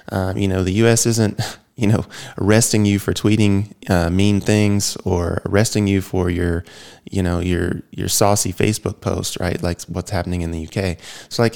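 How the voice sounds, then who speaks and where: Gravelly low-voiced man, blunt talker. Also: darkish tone. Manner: rambling, blunt, swears, frequent fillers. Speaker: interview guest. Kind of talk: casual opinionated monologue.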